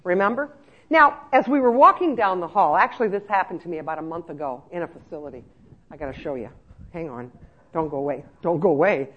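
A middle-aged woman giving a lively conference talk to care staff, telling stories and checking in with her listeners. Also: lowish voice, fast. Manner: lively storyteller, checks in with "okay?" often. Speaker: speaker on nursing home care. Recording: muffled lo-fi recording.

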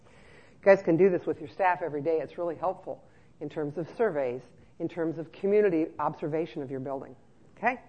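Brief: middle-aged woman, lively speaker to care staff, muffled lo-fi sound. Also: deep voice, brisk. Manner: lively storyteller, checks in with "okay?" often. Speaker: speaker on nursing home care. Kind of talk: conference talk to care staff. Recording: muffled lo-fi recording.

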